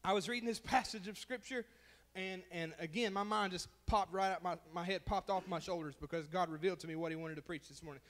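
A man's voice: high-pitched, fairly even intonation, quick pace, a bit bright. A man preaching a sermon as pastor, impassioned, calling out to the congregation and repeating phrases for emphasis.

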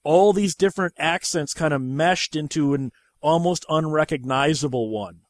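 A man's voice: a little high, moderate pace, no room sound, clean studio sound. A man hosting a podcast, chatting casually about movies, rambling and swearing freely. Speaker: podcast host.

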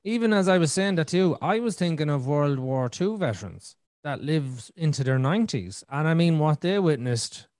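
A middle-aged man hosting a podcast in casual conversation, animated and talkative, repeating words and acting out his own thoughts. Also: a little high, normal speed, few pauses, no room sound, studio quality. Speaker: podcast host.

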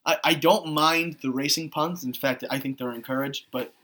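A man's voice: fairly high pitch, fairly even intonation, moderate pace, bright, forceful tone. A man co-hosting a podcast in casual chat, giving blunt, opinionated takes. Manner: blunt, opinionated, frequent filler restarts. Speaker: podcast co-host.

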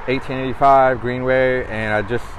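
A man, hosting a casual livestream chat in a relaxed, slangy way. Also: mid-range voice, normal speed, a little hiss or hum, poor audio. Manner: relaxed, laughs easily, slangy. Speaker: coffee shop owner and host.

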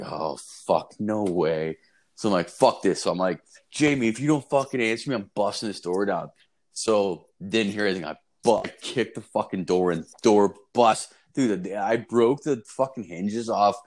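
A man telling a story in casual chat, rambling and swearing, often saying "like" and "dude" and jumping into high yelps for quotes. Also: a little mellow.

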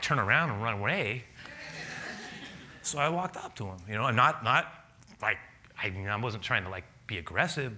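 A male pastor delivering a sermon with animated storytelling. His voice is strikingly bright and swings widely in pitch as he acts out dialogue and laughs. Faint room ambience sits behind him. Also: slight background noise. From a city.

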